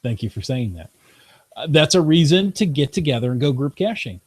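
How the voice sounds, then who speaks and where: A man with a mid-range voice co-hosts a casual podcast in a relaxed, joking way. The recording is dry and close. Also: mid-range voice, fairly quick, slightly rough, no room sound. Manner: relaxed, joking, leads the topic. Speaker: podcast co-host.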